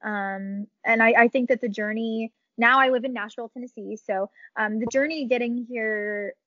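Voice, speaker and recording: A young woman from Michigan chats as a guest, rambling and giggling between her thoughts. Her voice sits a little high. The sound is dry and slightly muffled, like a lo-fi remote recording. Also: steady tone, normal speed, sharp tone, dry recording. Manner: chatty, giggly, rambling with many fillers. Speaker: guest musician. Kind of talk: casual podcast chat.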